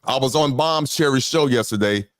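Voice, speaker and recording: A man's voice: mid-range voice, normal speed, no echo, studio quality. A man hosting a podcast panel, talking emphatically and firing off rhetorical questions. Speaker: podcast host. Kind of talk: casual panel talk.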